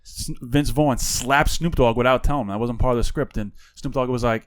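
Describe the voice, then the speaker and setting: A man co-hosting a podcast, chatty and quick to react in casual talk. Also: mid-range voice, noisy background. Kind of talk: casual chat.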